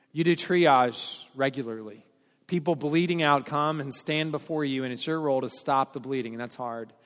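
Man preaching a sermon in a reverberant hall. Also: on the high side. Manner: storytelling, animated then earnest and quiet. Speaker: pastor.

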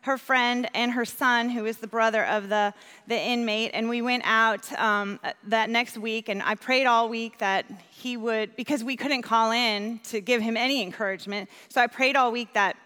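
A woman from New York giving an earnest personal testimony as a church volunteer, animated when she retells conversations. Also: a little high, moderate pace, clean tone, long reverb tail.

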